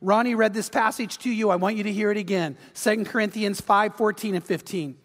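High-voiced animated male pastor. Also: a little fast, long reverb tail. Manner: animated storytelling, acts out quotes, urges the audience. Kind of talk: sermon.

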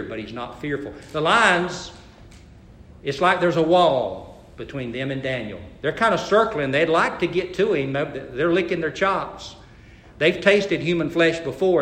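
Bright-voiced preacher in a roomy church. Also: male voice, animated, measured pace. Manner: dynamic, swings from hushed low lines to loud emphatic exhortation. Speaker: pastor. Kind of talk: sermon.

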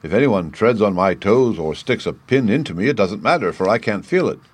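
A man voicing a gentle, friendly male scarecrow in a storybook, with a husky voice. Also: fairly low pitch, lively intonation, a little fast, no room sound. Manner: friendly and confiding.

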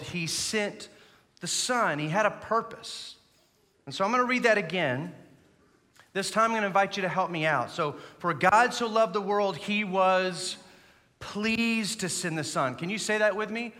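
A man's voice: high-pitched, bright, forceful tone. A man, an associate pastor, preaching a sermon with earnest emphasis and inviting the congregation to recite along. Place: church sanctuary. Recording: long reverb of a church hall.

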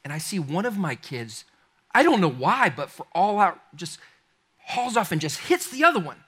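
Animated preacher, bright voice. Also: male voice, sits high, moderate pace, breathy edge. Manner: animated, conversational, addresses the congregation directly. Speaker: pastor. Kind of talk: storytelling sermon.

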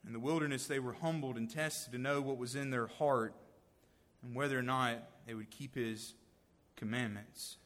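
A man giving a sermon, swinging from loud emphasis to hushed, near-whispered lines. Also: medium pitch, steady tone, normal speed, big-room sound. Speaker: lay preacher.

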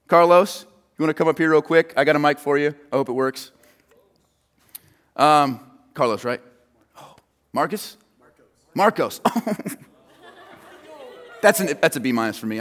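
A man preaching a sermon, chatting and joking easily with the people in front of him. His voice sits a little high for a man. The sound carries the long reverb of a large hall. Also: fairly bright tone. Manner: casual, joking and conversational with the audience.

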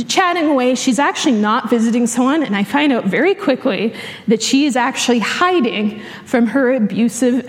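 Animated woman preaching in a reverberant hall. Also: high-pitched. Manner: animated storytelling with frequent laughs. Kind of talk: sermon. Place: church hall.

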